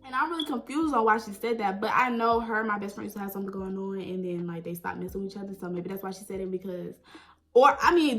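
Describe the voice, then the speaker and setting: A young woman telling a personal story in a chatty, animated way, full of "like" and "right?". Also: medium pitch, low-quality recording. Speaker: vlogger. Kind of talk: casual storytime.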